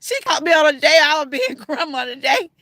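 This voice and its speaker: An older woman with a Georgia Southern accent talks casually and straight to her livestream viewers. Her voice is bright and sits a little high. The sound is dry and close to the mic. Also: very animated, brisk, no echo. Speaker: livestream host.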